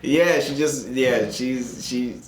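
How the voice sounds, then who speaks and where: A man's voice: mid-range voice, slow. A man hosting a podcast, chatting in a laid-back way and laughing often. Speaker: podcast host. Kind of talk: casual podcast chat. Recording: echoey room with faint noise.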